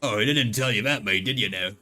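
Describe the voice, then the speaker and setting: Man doing a rowdy Australian bloke, high-pitched and loud, cheeky, hammed up, faint game music behind. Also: extremely slow. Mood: boisterous. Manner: exaggerated, shouty delivery.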